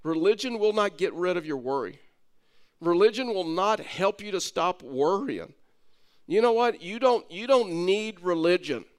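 A man's voice: sits high, lively intonation, unhurried. A man preaching a sermon to listeners at home, earnest and repeating his phrases for emphasis. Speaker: pastor.

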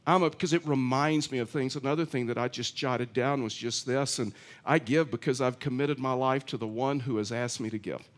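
A man's voice: mid-range voice, a little fast. Man, middle-aged, pastor, conversational sermon, storytelling, restarts often. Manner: chatty storytelling, many restarts.

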